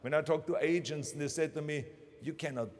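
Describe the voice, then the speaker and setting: A man's voice: a little high, fairly even intonation, fast talker, darkish tone, big-room sound. A man with a German accent giving an emphatic, motivational commencement speech in short, punchy phrases. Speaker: commencement speaker.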